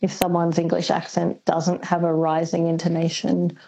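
Woman, linguist guest, radio interview, husky voice, gravelly, thoughtful. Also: fairly low pitch, completely flat delivery, moderate pace, warm tone, lo-fi sound. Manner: thoughtful, hesitant with many ums.

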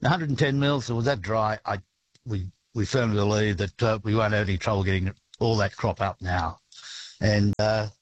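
A man with an Australian accent, a grain farmer answering a radio interview in a relaxed, halting way with many restarts. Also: lowish voice, no room sound, dull audio.

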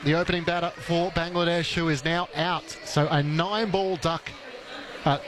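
A man's voice: a little high, fairly even intonation, crowd noise, noisy background. Man calling cricket on radio. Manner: brisk, informative play-by-play. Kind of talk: live radio sports commentary.

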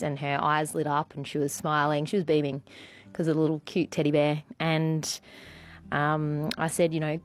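A woman, chatting on the radio as she tells a warm story, with plenty of ums and restarts. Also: lowish voice, no echo. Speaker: radio guest sharing a story. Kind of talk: casual storytelling.

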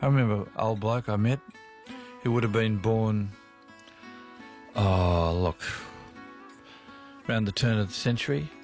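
A man's voice: lowish voice, unhurried, long pauses, darkish tone, soft background music. A man with an Australian accent hosting talkback radio and chatting with callers in a friendly, easygoing way. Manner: friendly, chatty, says mate and reckon. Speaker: radio host. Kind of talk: casual talkback radio chat.

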